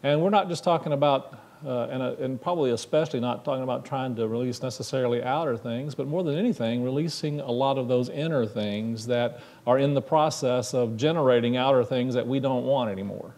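A man's voice: mid-range voice, a little fast, few pauses, darkish tone. A man preaching a sermon in a church, talking conversationally and asking the congregation questions. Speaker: minister. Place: church sanctuary.

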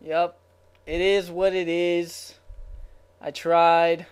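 A young man giving live commentary over his own video game match, swearing constantly, yelling in frustration, then muttering to himself. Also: a little high, flat delivery, extremely slow, clean tone. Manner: swearing, swinging between raging shouts and muttering. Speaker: gaming channel host.

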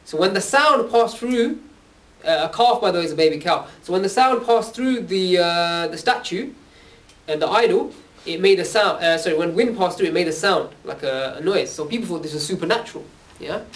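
A man with a high voice gives an informal religious talk to youth, recorded from a distance. He tells the stories in a loose, conversational way and keeps checking in with "yeah?" after nearly every phrase. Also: expressive, fairly quick. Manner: casual, conversational storytelling. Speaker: religious speaker. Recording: distant from the mic.

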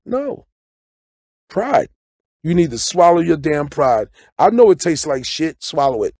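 A middle-aged man, talking loosely in a studio interview, preaching and joking with sudden loud outbursts. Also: fairly high pitch, sing-song, a little slow, long pauses, breathy edge, dry recording. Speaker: guest comedian and actor. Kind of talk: casual interview talk. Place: radio studio.

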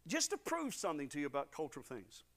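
Middle-aged British male preacher, emphatic sermon delivery, high-pitched and very animated. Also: fast talker. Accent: British English. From Britain. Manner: swings from loud preaching to quiet storytelling; animated, emphatic, repeats for stress. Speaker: pastor.

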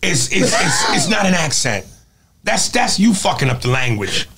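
A man speaking, a comedian in casual conversation, animated and blunt, swearing freely. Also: on the high side, moderate pace, vocal fry, background noise. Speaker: comedian guest. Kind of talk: casual chat.

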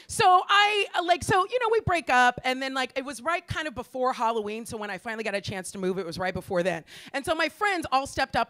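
A woman doing a stand-up set on a comedy club stage, animated and profane, acting out the voices of other people. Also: fairly high pitch. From United States.

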